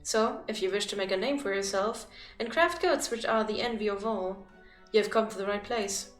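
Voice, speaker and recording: A woman's voice: medium pitch, moderate pace, reverberant, soft background music, close to an everyday voice. A woman voicing a formal, earnest guildmaster while reading game dialogue aloud, with small slips.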